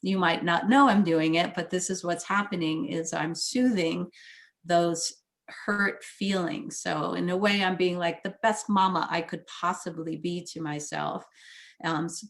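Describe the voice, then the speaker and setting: A woman guest speaks as a therapist, walking the listener through ideas in a soft, soothing manner. Her voice is slightly low, and she laughs easily between thoughts. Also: gravelly. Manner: gentle, soothing, explanatory. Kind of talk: casual conversation.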